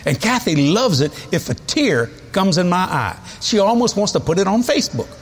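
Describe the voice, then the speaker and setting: A man's voice: high voice, big pitch swings, moderate pace. A man, preaching a sermon in a folksy, storytelling way with chuckles. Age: 70s. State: has a cold.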